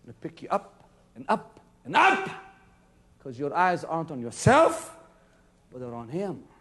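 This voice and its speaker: High-pitched preacher swinging from shouts to hushes. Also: male voice, wildly swooping pitch, a little slow, slightly rough. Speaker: pastor. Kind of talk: sermon. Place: church before a congregation.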